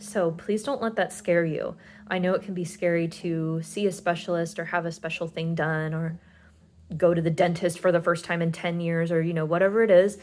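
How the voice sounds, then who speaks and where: A woman giving a pick-a-card tarot reading, talking in a soothing, reassuring way with many fillers. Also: fairly low pitch.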